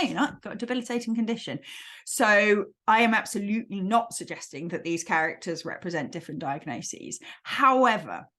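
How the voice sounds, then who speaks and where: A woman hosting a solo coaching podcast, explaining ideas in an animated, expressive, friendly way. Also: mid-range voice. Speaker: academic life coach host.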